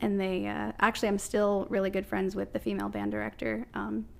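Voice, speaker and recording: A woman's voice: mid-range voice, big pitch swings, fairly quick, vocal fry, a little mellow. Chatty Midwestern American woman storyteller. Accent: American Midwest (Ohio). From Ohio, USA. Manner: chatty storyteller who laughs often. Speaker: podcast guest, drummer. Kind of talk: casual chat.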